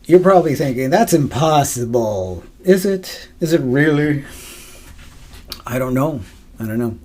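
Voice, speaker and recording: A man's voice: a little high, lively intonation, normal speed, warm tone. A man hosting his own podcast in a casual solo monologue, rambling and profane, with frequent laughs and fillers. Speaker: podcast host.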